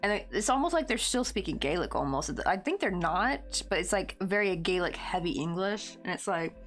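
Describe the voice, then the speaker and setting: A woman's voice: lowish voice, animated, normal speed, faint music behind. A woman chatting casually with viewers while crocheting, rambling along with lots of "like" and frequent laughter. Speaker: crochet livestreamer.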